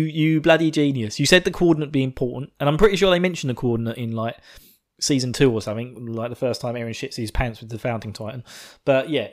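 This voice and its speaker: Male podcast host, mid-pitched, giggly, rambling and profane, over-caffeinated. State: buzzing on coffee. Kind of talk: casual episode recap.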